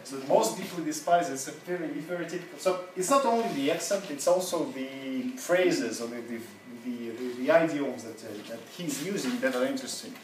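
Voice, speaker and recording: A man's voice: medium pitch, animated, a little hiss or hum. Echoey distant man teaching a class. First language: Russian. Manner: casual, halting, laughs often. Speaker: seminar teacher. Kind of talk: classroom seminar talk. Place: university classroom.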